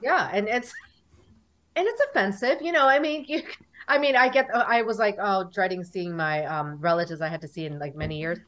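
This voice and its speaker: During a laid-back interview, a 40-something American woman shares stories, animatedly voicing what people told her. Her pitch is mid-range and her pace moderate.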